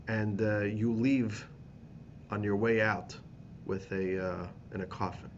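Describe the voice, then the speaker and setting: A man, a rabbi teaching a class, telling a story with animated emphasis and repeated phrases. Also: fairly low pitch, unhurried, muffled recording, slight background noise. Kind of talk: storytelling lesson.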